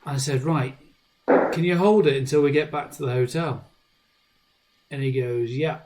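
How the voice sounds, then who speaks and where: Animated man telling stories. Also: mid-range voice, normal speed, low-quality recording. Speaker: podcast co-host. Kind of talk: casual chat.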